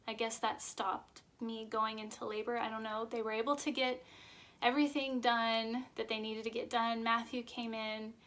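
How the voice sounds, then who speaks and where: A young woman vlogger telling her personal birth story in a halting, emotional way, close to tears at times. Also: fairly high pitch, little pitch movement, a bit bright.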